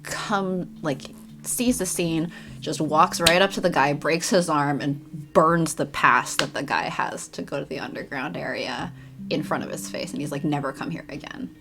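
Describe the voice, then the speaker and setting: A woman's voice: sits low, measured pace. A woman co-hosting a game stream, rambling in casual chat, swearing and laughing. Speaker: streamer, co-host. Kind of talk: casual let's-play chat. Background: game music.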